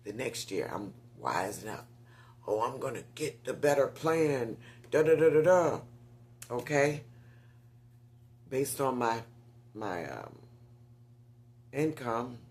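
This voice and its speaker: A man's voice: mid-range voice, big pitch swings, slow pace, pauses often. A man in a casual vlog monologue, chatting directly to viewers with frequent whispered asides and getting short of breath when he talks for long.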